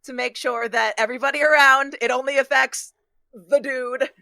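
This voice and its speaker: A woman player in a tabletop game, bubbly and quick to laugh. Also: high-pitched, steady tone, vocal fry, pushed and bright. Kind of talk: casual tabletop play.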